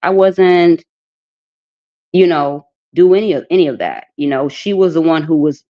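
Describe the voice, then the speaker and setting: A woman calling in to a live stream, hesitant and defensive, speaking in halting bits. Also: deep voice. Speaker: guest calling in. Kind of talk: casual chat. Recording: muffled lo-fi call audio.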